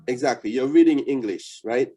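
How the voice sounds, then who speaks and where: In a mellow mid-range voice, a Haitian language teacher leads an interactive lesson via video call. He takes a patient, coaching approach, going over words slowly and more than once.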